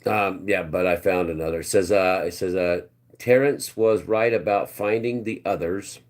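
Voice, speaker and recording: A man's voice: low voice, steady tone, moderate pace. A man hosting a live stream, telling a long personal story in a rambling, blunt, earthy way.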